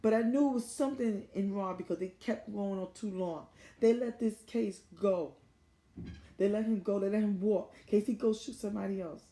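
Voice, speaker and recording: A woman's voice: mid-range voice, moderate pace, mellow. A distressed middle-aged American woman making an urgent, repetitive appeal straight to camera as a grieving mother. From United States. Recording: roomy echo.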